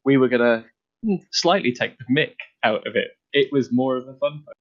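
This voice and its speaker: A man's voice: mid-range voice, fairly even intonation, normal speed. A man hosting a casual podcast chat, chatty and laughing often. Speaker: podcast host. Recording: dull lo-fi podcast audio.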